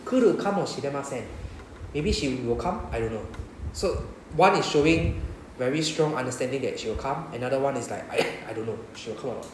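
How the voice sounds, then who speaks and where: A man's voice: medium pitch, lively intonation, fairly quick, echoey room, noisy background. A man with a Singaporean English accent teaching a Japanese class, often checking with "right?". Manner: repeats "right?" to check understanding. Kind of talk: classroom lesson explanation.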